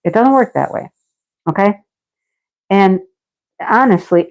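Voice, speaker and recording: Her voice is medium-pitched, expressive, and slow as she hosts a craft stream and answers what viewers post. The middle-aged woman chats and rambles, laughs frequently, and turns a little snarky, on muffled lo-fi home audio.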